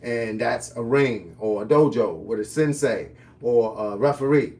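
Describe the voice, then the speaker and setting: A man's voice: mid-range voice, measured pace, a little mellow, far from the mic. Plain-spoken man in his fifties. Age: 50s. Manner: casual, folksy, plain-spoken slang. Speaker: fitness and boxing coach. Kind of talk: live-stream Q&A with viewers.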